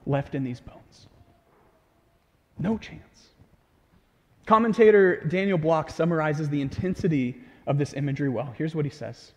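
A man's voice: high voice, a little mellow. A man preaching a sermon in a casual, conversational way with light humor. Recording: long hall reverb.

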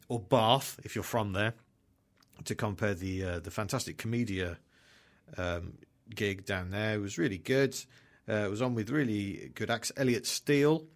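A man from the hosting a radio comedy show, chatting casually with rambling, self-deprecating asides. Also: on the low side.

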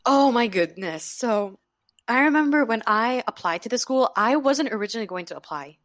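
A young woman from Jordan, an acting student, telling stories as a podcast guest, animated and laughing often. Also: fairly high pitch, normal speed, no echo, clean studio sound. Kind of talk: casual interview storytelling.

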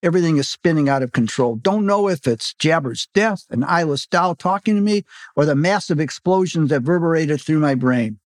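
A man reads his own novel aloud in a fairly high voice, close to the mic and dry. His delivery is animated and leaps up in pitch on the exclamations. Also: brisk, dry recording. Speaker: author reading his novel. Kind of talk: audiobook reading.

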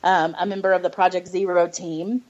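A middle-aged podcast guest, an adoptive mother, recounts her faith journey with heartfelt earnestness, hesitating often, using many fillers and nearly crying. She speaks at a moderate pace in a fairly low, slightly mellow voice with little pitch movement. The recording is dull and lo-fi.

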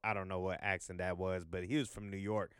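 A man's voice: deep voice, level tone, a little fast, a bit bright, clear, resonant tone, no room sound, studio quality. A man hosting a vlog, talking in a loose, profane, rambling monologue full of fillers. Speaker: vlog host.

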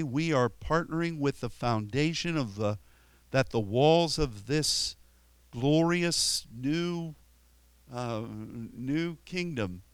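A man's voice: smooth, dry recording. A man preaching a sermon in an earnest, rambling way with many restarts, sometimes rising sharply for emphasis. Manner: rises sharply in pitch and volume for emphatic quotes.

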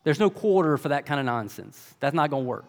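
A man's voice: fairly high pitch, expressive, fairly quick. A man preaching a sermon in a conversational style, full of rhetorical questions. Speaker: pastor. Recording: long reverb of a large hall.

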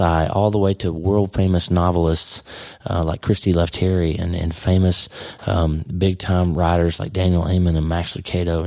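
A middle-aged man hosts his podcast with a hoarse, worn-out voice that crackles with gravel. He talks earnestly and rambles, often restarting his sentences. His tone is low and dark, and the recording is dry and close. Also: dry recording. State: hoarse, lost voice. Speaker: podcast host. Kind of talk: casual podcast monologue.

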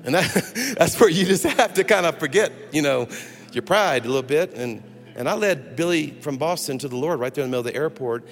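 A man preaching as a pastor, telling a funny personal story in an animated way and breaking off to restart his sentences. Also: a little high, fairly quick. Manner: animated, humorous, self-interrupting storyteller. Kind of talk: storytelling sermon. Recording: long hall reverb with faint music.

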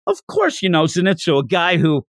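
A man's voice: sits high, wildly swooping pitch, brisk, no room sound, clean studio sound. A man hosting a podcast, chatting casually as he recaps a manga chapter and laughs while acting out the characters' lines. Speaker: podcast host.

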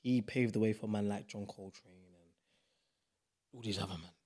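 A man's voice: fairly low pitch, normal speed. A young man from South East London with a London accent, a podcast guest chatting casually and emphatically. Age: young adult. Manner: animated, emphatic, slangy. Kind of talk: casual chat.

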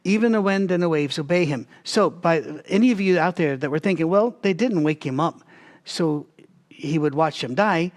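Man, fairly high voice, Bible study teacher, animated, conversational. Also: normal speed. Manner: animated, talks to listeners directly, frequent restarts.

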